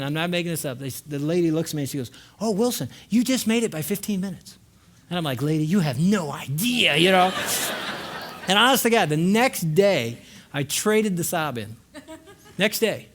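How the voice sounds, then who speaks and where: A male conference speaker telling a story in a sermon, animated, acting out scenes and shouting at the peaks. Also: high voice, slight background noise.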